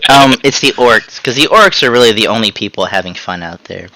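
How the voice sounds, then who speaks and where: A man's voice: lowish voice, fairly quick, poor audio. A man hosting a podcast, chatting casually and telling jokey stories with sound effects. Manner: joking, animated storytelling with sound effects. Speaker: podcast host. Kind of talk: casual chat.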